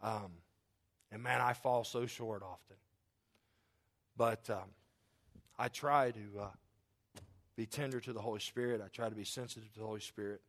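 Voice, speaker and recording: A middle-aged man, a pastor, preaching a sermon in a conversational, joking way, moving between loud outbursts and quiet confession. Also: on the low side, steady tone, normal speed, long pauses.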